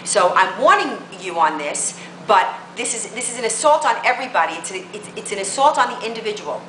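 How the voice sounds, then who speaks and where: A woman's voice: mid-range voice, sing-song, brisk, fairly bright tone, reverberant, a little hiss or hum, poor audio. Fiery woman ranting to camera. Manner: combative, emphatic, rhetorical questions. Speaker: political blogger. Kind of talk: political rant to camera.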